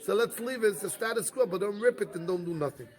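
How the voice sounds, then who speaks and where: A man's voice: high voice, fast talker. A man, a rabbi giving a yeshiva Talmud lecture, who keeps asking rhetorical questions and often repeats and restarts his phrases. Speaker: rabbi teaching a Talmud class.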